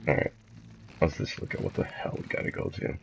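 A man doing let's play commentary, jumpy and profane, joking at himself and shrieking high whenever something startles him. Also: sharp tone, a little hiss or hum. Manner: profane, joking, self-mocking. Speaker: gaming channel host.

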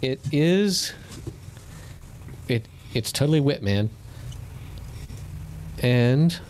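A man's voice: medium pitch, lively intonation, extremely slow, long pauses, darkish tone, a little hiss or hum. A man co-hosting a podcast in casual comedic chat, joking around playfully. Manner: jokey, playful. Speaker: podcast co-host.

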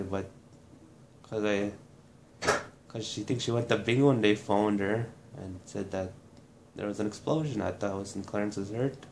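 Guy from manitoba, kinda low voice, talks in stops and restarts, swears plain. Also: slight background noise. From Manitoba, Canada. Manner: halting, restarting, blunt with swearing. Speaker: burn survivor telling his story. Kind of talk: personal testimony to camera.

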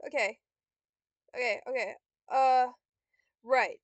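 A woman's voice: sits high, a little slow, no room sound. A young woman giving casual gameplay commentary, swearing and snapping frustrated insults at a computer opponent. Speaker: gamer vlogger.

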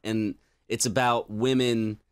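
A man's voice: medium pitch, slow, clean tone, no echo. Teasing man with a dry voice. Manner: teasing, deadpan ribbing. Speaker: podcast co-host. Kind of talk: casual comedic chat.

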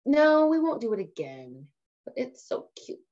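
A woman trainer hosting a casual live tutorial, chatting excitedly and laughing at herself as she works. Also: a little high, moderate pace, muffled recording. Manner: excitable, giggly, self-amused chatter.

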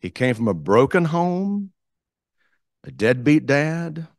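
A man telling a story as guest speaker at a club meeting, animated, acting out the quotes. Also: fairly high pitch, takes it slowly, no room sound, studio quality. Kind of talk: storytelling speech. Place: meeting room.

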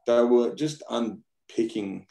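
Slow, gravelly and dark, a mid-range voice comes from an Australian man being interviewed casually. He rambles, speaks bluntly, repeats his words and uses slang.

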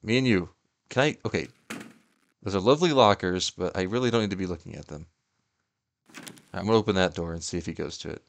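Deep and gravelly, this young man's voice moves at a quick pace broken by long pauses. He's a gaming YouTuber offering casual commentary, speaking to the game and yelping and laughing excitedly at the action.

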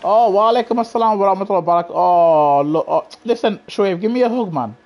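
This young English gaming streamer talks fast in a high-sitting voice, captured on a muffled recording. He's streaming live racing gameplay, teasing the players in his lobby, laughing often and using lots of slang.

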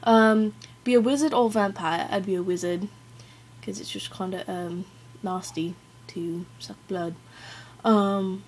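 A woman's voice: fairly high pitch, monotone, a little hiss or hum. A woman doing an overdone fake British accent. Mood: faking British. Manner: overdone, halting, self-conscious. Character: young woman faking an exaggerated British accent.

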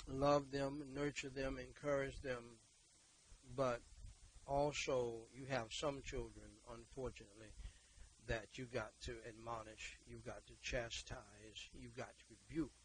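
A man, preaching a sermon and leading prayer, emphatic and repetitive, moving between loud exhortation and quiet talk. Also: mid-range voice, little pitch movement, measured pace, a little hiss or hum, rough recording.

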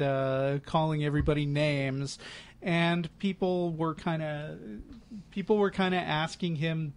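A man with a fairly high-pitched voice co-hosts a podcast in easy, casual chat. He tells a story like a chatty storyteller and drops amused, sarcastic asides. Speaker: podcast co-host.

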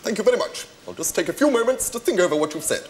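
An actor playing a posh, oddly literal male art critic in a TV sketch, with an upper-class English accent and drawn-out, precise diction. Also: high-pitched, animated, very noisy. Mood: deadpan. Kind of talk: sketch comedy. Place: television studio with audience.

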